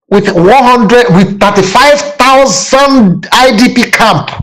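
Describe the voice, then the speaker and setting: A man's voice: very high-pitched, fairly bright tone, poor audio. A man with a Nigerian accent, from southeastern Nigeria, giving a fiery, aggressive political talk as a panelist, full of rhetorical questions.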